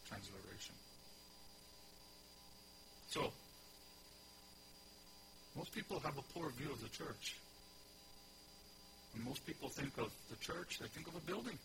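A man's voice: mid-range voice, vocal fry, noisy background. A pastor preaching to a congregation, explaining scripture verse by verse, repeating key phrases for emphasis and putting questions to his listeners. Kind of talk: expository sermon teaching.

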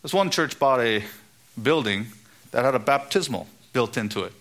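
A middle-aged man preaching a sermon, getting emphatic and rising in pitch on key points. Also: animated, moderate pace, a bit bright. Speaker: pastor.

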